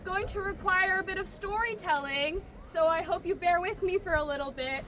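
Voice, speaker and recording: A woman's voice: very high voice, moderate pace, hardly any pauses. A young woman in her twenties, a student from the United States, speaking hesitantly and wearily to a crowd outdoors. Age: 20s. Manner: hesitant, tired, many ums. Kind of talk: personal speech at a rally. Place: outdoor campus green. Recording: outdoor rally with crowd noise.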